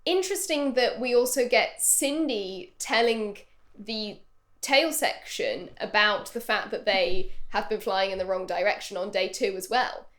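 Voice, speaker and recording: A young woman co-hosting a casual comedy podcast, playful, often trailing off softly at the end of a thought. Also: medium pitch, unhurried. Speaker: podcast co-host. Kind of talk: casual chat.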